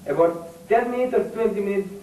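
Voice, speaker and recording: A man giving a personal faith testimony in halting, repetitive broken English, pushing out emphatic bursts. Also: high-pitched, mellow. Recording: echoey room from a distant mic with faint noise.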